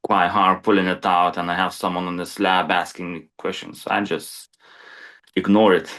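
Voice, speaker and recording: Very deep-voiced man, plain-spoken. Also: little pitch movement, normal speed, a bit bright. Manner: plain-spoken, lots of "you know". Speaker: crane supervisor guest. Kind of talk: casual podcast chat.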